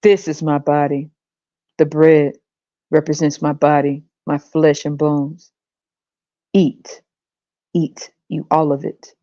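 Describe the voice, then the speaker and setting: A woman imitating a solemn male preacher, intoning slowly and low, in a slightly dull recording. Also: flat delivery, dark tone, dry recording. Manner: slow, intoning, mock-solemn.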